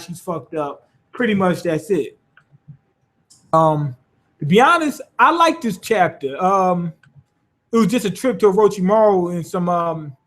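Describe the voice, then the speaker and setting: A man casually reviewing a manga chapter, rambling and swearing freely, amused by the story. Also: high voice. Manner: rambling, profane, loose and amused.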